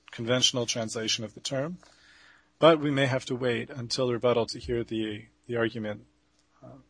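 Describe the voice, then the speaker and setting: A man arguing a debate rebuttal in a gravelly, husky voice. He pauses often, filling gaps and restarting phrases as he thinks. The recording is dry and close. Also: medium pitch, a bit bright, no room sound. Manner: hesitant, many fillers and restarts.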